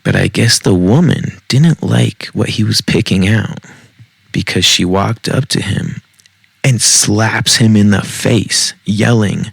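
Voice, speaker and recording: A man's voice: lowish voice, slow pace, vocal fry, a bit bright, slightly rough, no room sound. A man hosting a casual storytime podcast, reading Reddit posts with wry, profane asides. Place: home basement.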